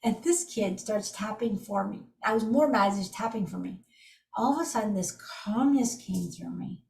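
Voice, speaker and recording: Lively middle-aged woman leading a video-call workshop, in an echoey room. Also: medium pitch, normal speed, gravelly. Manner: animated, vivid, acts out strong emotions while demonstrating. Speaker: EFT tapping teacher. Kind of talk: live online workshop teaching. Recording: roomy and distant from the mic.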